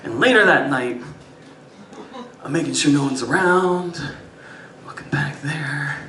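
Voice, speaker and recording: A man doing stand-up storytelling on a live stage, swinging between loud bursts and muttered asides. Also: fairly high pitch, a little slow, distant mic, slight background noise. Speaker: stand-up comedian. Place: live music venue stage. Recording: roomy live club sound from afar. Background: audience laughter.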